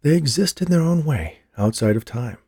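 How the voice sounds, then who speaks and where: Narrator doing a gentle male psychic, soft-spoken, dark-toned. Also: fairly high pitch, lively intonation, normal speed, slightly rough, no room sound, clean studio sound, pitched above the performer's own voice. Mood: soothing. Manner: soothing, gentle. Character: calm, smooth-talking male psychic medium.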